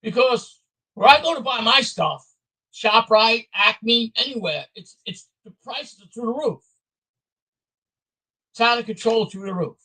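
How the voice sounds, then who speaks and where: A man speaks in a high register, rattling off repeated complaints in a blunt, heated way. His tone is bright and a little sharp, as in a solo rant recorded for his own channel. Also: expressive, measured pace, pauses often, husky, rough recording. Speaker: vlogger. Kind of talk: angry political rant to camera.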